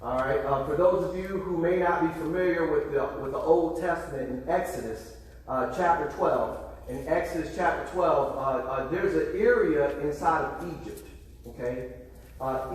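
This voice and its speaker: Male preacher with halting restarts in a reverberant hall. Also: fairly high pitch, a little hiss or hum. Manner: stammering restarts, call-and-response with the congregation. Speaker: pastor. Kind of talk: sermon. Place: church sanctuary. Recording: echoey hall, far from the mic.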